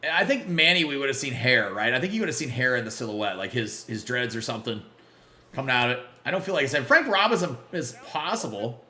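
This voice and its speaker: A man hosting a casual live game stream, greeting viewers by name and reacting loudly to big plays. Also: medium pitch, animated, quick pace, echoey room. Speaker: livestream gamer.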